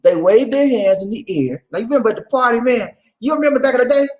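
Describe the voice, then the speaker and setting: A man hosting a vlog, talking casually to his viewers in an animated, laughing, rhetorical way, repeating his points often. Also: extremely high pitch, fast, rough recording. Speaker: vlog host.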